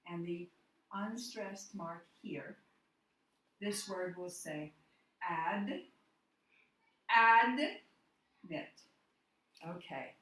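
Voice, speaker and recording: A woman teaching a phonics lesson, walking through each step slowly and spelling out words letter by letter. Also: mid-range voice. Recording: echoey room, voice from far off the mic.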